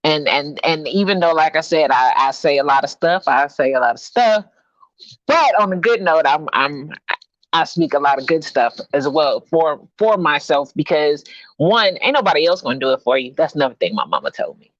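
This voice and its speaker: A podcast guest talking casually in a relaxed, easygoing way. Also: medium pitch, normal speed, no room sound. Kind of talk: casual chat. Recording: dull, dry lo-fi sound.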